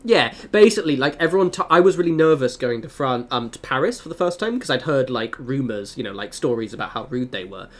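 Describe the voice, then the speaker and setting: A man's voice: medium pitch, very animated, fast, few pauses. A man streaming a game, chatting in a rambling, casual way with many fillers. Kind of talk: casual chat while gaming.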